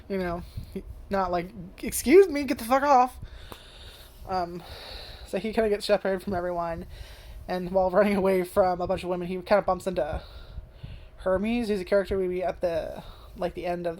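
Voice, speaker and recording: A woman's voice: medium pitch, darkish tone. A woman in a mid-range voice rambles through an anime review in a loose, casual way. She leans on fillers and curses freely, slipping into character lines as she recaps. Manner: lots of "like" and restarts.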